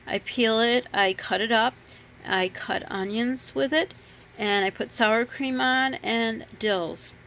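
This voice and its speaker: Speaking slowly in a slightly high, somewhat bright voice, a woman raised in another country chats about the fruit and vegetables she bought, rambling with plenty of ums and corrections. It's a low-quality home-kitchen recording with a little hiss or hum.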